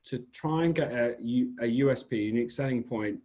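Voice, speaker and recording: Man, British accent, podcast guest, rambling, self-correcting, mid-pitched. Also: brisk, mellow. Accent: British English. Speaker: small business owner, guest. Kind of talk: casual podcast interview.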